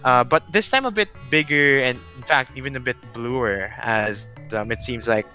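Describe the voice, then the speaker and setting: A man's voice: mid-range voice, moderate pace, bright, forceful tone, faint music behind, poor audio. A man narrating as game master, rambling and correcting himself as he describes scenes.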